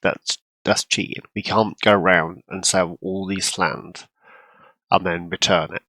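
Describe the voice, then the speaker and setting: A man casually commenting on his farming game, rambling with lots of ums and throat-clearing, hiccuping and coughing now and then. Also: sits low, fairly even intonation, measured pace, bright, forceful tone, no room sound. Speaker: farming game role-play channel host.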